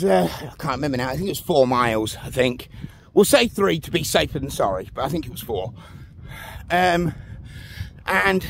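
Out of breath on a casual walk-and-talk vlog, a man with a slightly high, gravelly voice chats while filming on his phone along a village road, repeatedly asking the viewer "you know what I mean." There's slight background noise.

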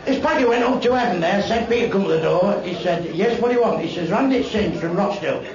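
High-pitched and fast-talking, a stand-up comedian runs through blunt, crude jokes at a live club venue, making asides to the audience. The live tape is dull and lo-fi, recorded in an echoey room with crowd noise.

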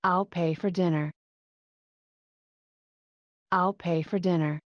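Slow, careful woman reading phrases. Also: fairly low pitch, fairly even intonation, no room sound, highs cut off. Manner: careful, evenly paced reading aloud. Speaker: English phrase reader.

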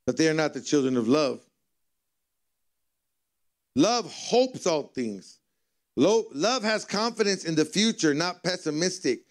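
A man's voice: a little high, animated, unhurried, pauses often. A man pastor preaching a sermon in a conversational way, telling funny stories. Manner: conversational preaching with humorous storytelling. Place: church service.

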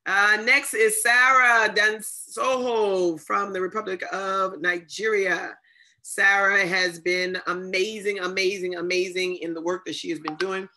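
A woman's voice: mid-range voice, fairly even intonation, a little slow, sharp tone. A woman hosting an online ceremony, effusive and full of thanks, with many fillers. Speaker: ceremony host. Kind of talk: emotional ceremony hosting on a video call.

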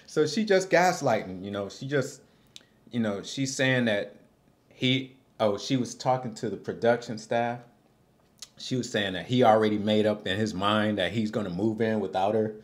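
A man, father of a young son, casually recapping a reality show episode with a co-host, laughing often and acting out what people said. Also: medium pitch. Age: adult with a young son. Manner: laughs often, loose and joking, acts out quotes.

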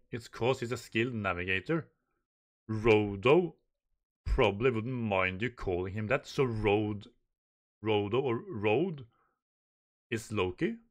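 A man hosting a manga reaction, reading the dialogue aloud and commenting, often stumbling and repeating words as he reads. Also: on the low side. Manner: reads the dialogue aloud in lightly raised voices.

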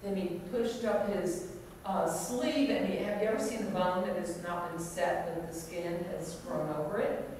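A woman's voice: fairly low pitch, moderate pace, a little mellow. An older woman, a priest, telling a personal story in an earnest, conversational way. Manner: earnest, conversational, acts out quoted voices. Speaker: priest giving a talk. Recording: echoey hall reverb from far off, faint noise.

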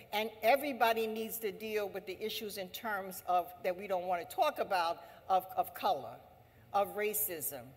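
A woman labor leader giving an impassioned assembly speech, emphatic and repetitive, rising to forceful exhortation. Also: mid-range voice. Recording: long hall reverb.

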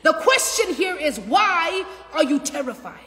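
A high-voiced woman preaches with fervor and repeats her key lines. Her voice rings through a hall with a long reverb, and soft music plays underneath. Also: very animated, measured pace. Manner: impassioned preaching with shouts and repetition. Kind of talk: sermon.

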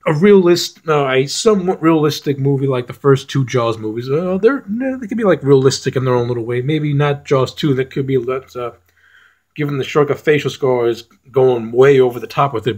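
A man in the middle of a film review rant, his voice at an everyday mid pitch. He is blunt and profane and keeps breaking off to restart his sentences. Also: fairly quick, a little mellow.

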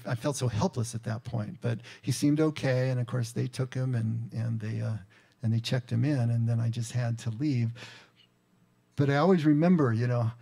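A man's voice: mid-range voice, creaky, darkish tone. A middle-aged male pastor telling a story in a sermon, talking like he's chatting with the congregation. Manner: conversational storytelling, with asides to the congregation.

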